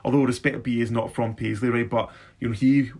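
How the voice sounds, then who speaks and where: A Scottish man talking in an animated, casual conversation. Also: medium pitch, fast talker, breathy edge.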